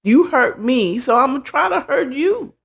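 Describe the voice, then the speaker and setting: A woman hosting a casual advice talk, animated and blunt, acting out quoted voices and sprinkling in "child" and "you know what I'm saying.". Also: sits high, moderate pace, gravelly, breathy edge. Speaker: host.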